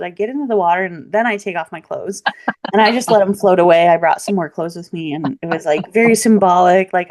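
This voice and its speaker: A woman guest on a podcast interview, telling a personal story in a lively, candid way. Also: on the low side. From Michiana region, US Midwest. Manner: lively, animated storytelling with laughs and voiced quotes. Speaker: podcast guest, local practitioner.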